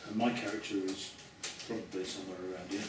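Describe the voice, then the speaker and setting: A man plays a tabletop game in a matter-of-fact voice, reading out spell details and planning his moves. He is far from the mic, and the room's heavy echo and steady noise surround him. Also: low-pitched, fast talker. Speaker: player. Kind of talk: casual table chat. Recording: echoey room, far from the mic, noisy.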